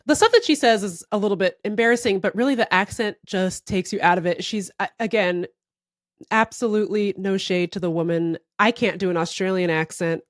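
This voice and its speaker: A woman's voice: medium pitch, brisk, no room sound, studio quality. A woman co-hosting a podcast in wry, casual chat, laughing often. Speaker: podcast co-host.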